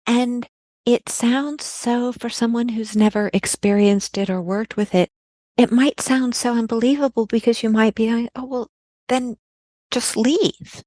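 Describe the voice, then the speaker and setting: A woman's voice: fairly high pitch, fairly even intonation, moderate pace, dark tone, no room sound. A woman speaking earnestly in a podcast conversation, stressing key words by repeating them.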